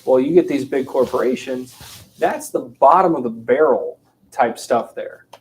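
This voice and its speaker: A man's voice: medium pitch, measured pace, a little hiss or hum, low-quality recording. A man co-hosting a casual sales talk show, telling stories animatedly and acting out the quotes. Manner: animated storyteller, acts out quotes. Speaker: podcast co-host.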